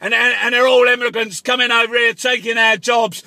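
A man delivers a shouty, excitable comic rant and stammers over repeated words. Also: very high voice, brisk, dry recording.

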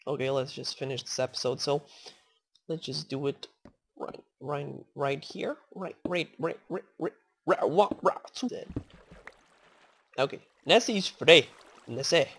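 Her voice is deep and slightly rough, unhurried and full of frequent pauses. This woman hosts a gaming channel, rambling casually as she plays, thanking viewers, talking out loud to in-game animals to coax them, and swearing in sudden excited outbursts.

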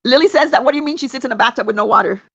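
A woman's voice: sits high, very fast, creaky, a bit bright, slightly rough, dry recording. A woman hosting a livestream who agrees and chimes in with short jabs while reading viewer comments. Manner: agreeing, egging on, short replies. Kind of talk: casual livestream chat. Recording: dull, slightly lo-fi audio.

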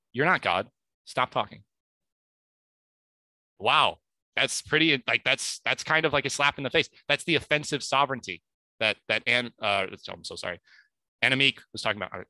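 Earnest man with a bright, dry voice. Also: medium pitch, dry recording. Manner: earnest, self-correcting, thinking aloud; reads scripture aloud with emphasis. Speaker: podcast speaker. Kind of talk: casual Bible discussion.

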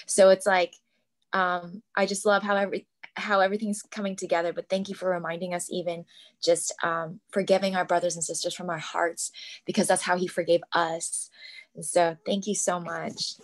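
A woman's voice: on the low side, little pitch movement, moderate pace. Reflective woman sharing feedback. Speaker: group member.

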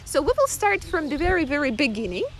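A woman from Ukraine, giving a live-streamed guided tour outdoors in a chatty way, full of fillers and pauses. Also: high voice, sing-song, a bit bright, slight background noise. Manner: chatty, hesitant with many fillers. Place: outdoors in a town.

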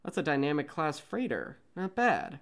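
A man's voice: on the high side, sing-song, moderate pace, creaky, fairly bright tone, voice pushed up, heavily acted. A man reading an eager young man who begs for a ride and speaks earnestly in a fan script reading. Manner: pleading, earnest.

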